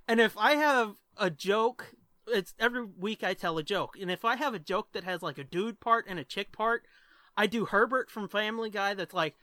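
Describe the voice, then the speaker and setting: A man's voice: high voice, normal speed, bright, forceful tone, no echo. A man hosting a podcast in casual chat, loose and profane, laughing often. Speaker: podcast host.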